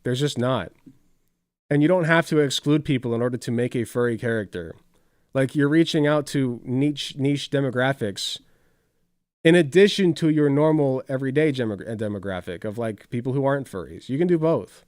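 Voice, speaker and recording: A man's voice: mid-range voice, normal speed, darkish tone, clear, resonant tone, no echo, studio quality. Rambling, sweary male streamer. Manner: rambling, sweary, filler-heavy. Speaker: streamer reacting to videos. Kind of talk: casual live-stream chat.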